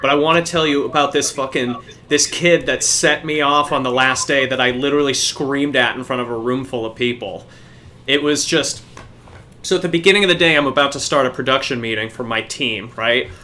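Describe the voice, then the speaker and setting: A man's voice: medium pitch, a little fast, pushed and bright, slight background noise. A young man, a podcast co-host, telling a profane story in casual chat.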